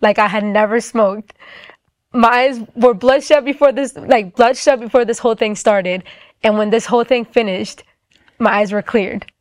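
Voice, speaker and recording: A woman's voice: fairly high pitch, normal speed, no echo, clean studio sound. A young adult woman sharing a personal faith testimony in a casual storytelling way, acting out the dialogue and often saying "like".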